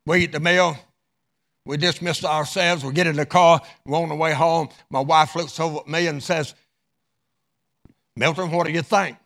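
A man preaching a sermon through a dramatic story, with his voice rising loud and dropping low. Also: fairly even intonation, normal speed, vocal fry. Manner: dramatic, wide swings in loudness.

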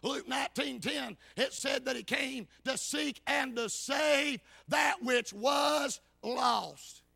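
High, gravelly hollering preacher man. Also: slow pace, dry recording. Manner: shouts, punctuating with "amen" and "hey". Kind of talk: hollering revival sermon. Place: church.

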